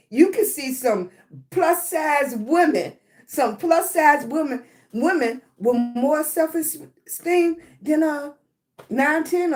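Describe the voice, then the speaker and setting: High-voiced woman giving a motivational talk. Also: darkish tone. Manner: repetitive, keeps asking "right?". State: chest congestion, clearing her throat. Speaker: live stream host. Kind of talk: motivational live-stream talk.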